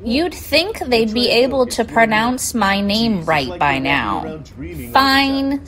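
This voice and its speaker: A woman puts on a cranky old female senator in a comedy sketch who grumbles and swears at everyone around her. She speaks slowly, her pitch swinging widely and sitting a little high. A crowd murmurs in the background. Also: sing-song, rough recording. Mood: annoyed. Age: older. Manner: irritable, profane grumbling. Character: impression of an elderly female senator, crabby and foul-mouthed.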